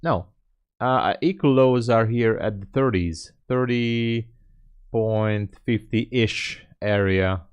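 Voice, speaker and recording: Speaking slowly with long pauses, this man has a lowish, smooth voice with fairly even intonation, and the highs are cut off. He's a day trader streaming live trades, thinking aloud in a muttering, joking self-talk full of sighs and fillers.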